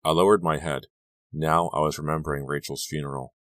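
A man narrating an audiobook in a measured, suspenseful way. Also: very deep voice, steady tone, fairly bright tone, no room sound. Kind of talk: dramatic audiobook reading.

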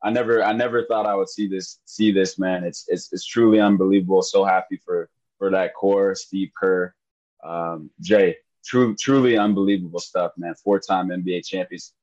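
A man with a somewhat low voice talks in a casual sports podcast chat. He is emotional and rambling, stumbling and repeating himself. The sound is dull and lo-fi. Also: steady tone, normal speed, darkish tone. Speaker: podcast co-host.

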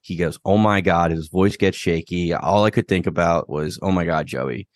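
Low-voiced man recapping a show. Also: normal speed, dry recording, studio quality. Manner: loose, swears, recaps scenes at length. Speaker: podcast host. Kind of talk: casual recap chat.

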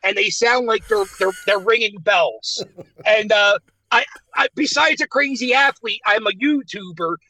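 A man's voice: sits high, a little slow, sharp tone, dry recording, low-quality recording. A man from Philadelphia calling in as a guest, trash-talking and gleeful in casual banter from outdoors. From Philadelphia, USA. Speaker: phone-in guest, superfan. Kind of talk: casual phone call banter. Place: outdoors in the woods. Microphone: phone.

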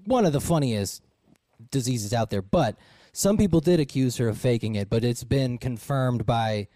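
A man's voice: mid-range voice, expressive, normal speed, mellow, no room sound. A man hosting a casual podcast chat, blunt and crude. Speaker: podcast host.

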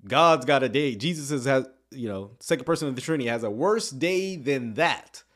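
Man, casual commentary, animated pitch, laughs a lot, loud bursts then mutters. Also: moderate pace. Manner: chuckles often, jumps between quiet asides and excited outbursts. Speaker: commentator reacting to clips.

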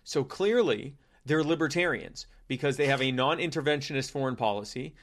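A man co-hosting a loose podcast chat, mid-pitched and conversational. He jokes his way through his points in rambling asides. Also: a little fast, a little hiss or hum. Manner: joking, rambling, animated asides. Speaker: podcast co-host. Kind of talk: casual comedic chat.

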